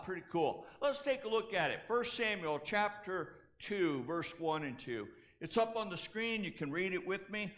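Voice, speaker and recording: A man's voice: high voice, a bit bright. A male pastor preaching a sermon, leading the congregation in call-and-response and repeating key phrases for emphasis, with casual asides. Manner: casual asides and self-corrections.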